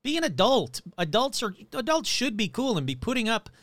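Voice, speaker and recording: A man hosting his own podcast in a chatty, rambling way, reading out shout-outs and plugs. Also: extremely high pitch, fairly quick, no echo. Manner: chatty, rambling, animated delivery. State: losing his voice. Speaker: podcast host. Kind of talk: casual podcast chat.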